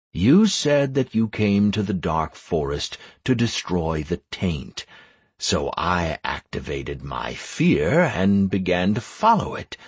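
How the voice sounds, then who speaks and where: A man's voice: lowish voice, breathy edge, no echo, heavily acted. A man voicing an imperious male vampire patriarch in an audiobook, with a stern, demanding delivery.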